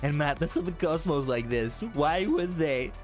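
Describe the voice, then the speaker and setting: A man streaming and chatting casually, animated and exclaiming, often correcting himself mid-sentence. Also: a little high. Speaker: VTuber streamer. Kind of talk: casual stream chat and reactions.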